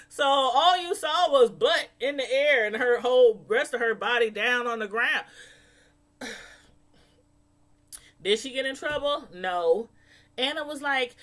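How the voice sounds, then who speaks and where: A woman casually reviewing a reality show episode, gossiping in an animated way. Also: fairly high pitch, measured pace. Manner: animated, gossipy, laughing asides.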